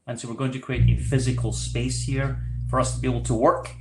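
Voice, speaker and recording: A man's voice: medium pitch, flat delivery, brisk, vocal fry, echoey room, noisy background. A man with a Scottish accent giving an online talk about a fellowship program, conversational with frequent fillers. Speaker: program speaker. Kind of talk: online presentation.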